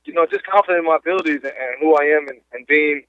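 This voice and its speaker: A man, a professional fighter, giving a confident, relaxed interview. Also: a little high, rapid-fire. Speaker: guest fighter. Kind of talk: phone interview. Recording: dry tinny phone line.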